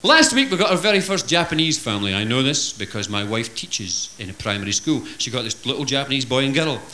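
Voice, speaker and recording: Scottish stand-up comedian, lively voice. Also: male voice, fast talker, roomy sound. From Scotland, East Coast. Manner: jokey, switching into high-pitched character voices. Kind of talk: stand-up storytelling with character voices.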